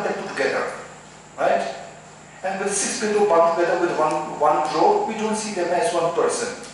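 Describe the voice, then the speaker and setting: Heard from a distance in an echoey hall with some hiss, a high-pitched male Buddhist teacher lays out philosophy at a retreat. He keeps asking "right?" and starting his phrases over.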